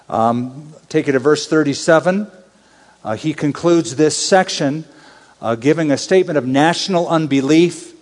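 Long, ringing reverb from a large hall carries the voice of a Bible teacher, a man with a fairly high voice delivering an expository sermon. He moves from a relaxed, conversational reading of scripture into urgent, emphatic appeals.

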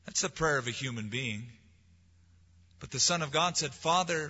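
A man preaching a sermon as pastor, rising to loud emphasis and dropping to quiet lines. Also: medium pitch, lively intonation, brisk, husky, big-room sound, lo-fi sound. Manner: preaching with swelling emphasis and soft drops.

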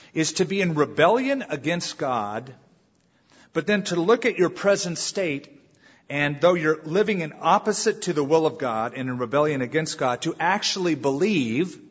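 Male pastor, somewhat high, husky voice, dramatic sermon delivery with sudden hushes; dull recording, long hall reverb. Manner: dramatic preaching with sudden drops to a hush. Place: church sanctuary.

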